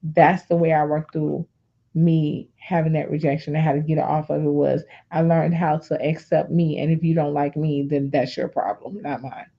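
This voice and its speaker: A woman's voice: low-pitched, level tone, moderate pace, gravelly, slightly rough, highs cut off. A woman sharing a candid personal testimony on a faith talk show, telling her story directly to her listeners.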